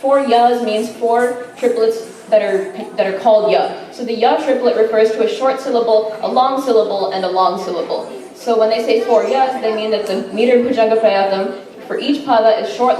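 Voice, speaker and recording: Speaking a little fast in a fairly high, slightly mellow voice, a woman gives an informal class presentation as a student. She's enthusiastic and chatty with frequent fillers, recorded from a distant mic in an echoey room.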